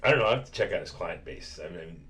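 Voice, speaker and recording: A man with a low voice that rises and falls a lot as he hosts a casual podcast chat. He tells stories in a laid-back way, swearing and laughing as he goes. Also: lively intonation, quick pace, fairly bright tone. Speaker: podcast host.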